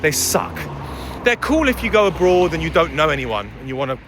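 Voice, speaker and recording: A man's voice: on the high side, very animated, a little fast, background noise. A young man giving blunt, opinionated dating advice in a casual vlog, swearing freely, recorded outdoors on a city street. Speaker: dating and life coach.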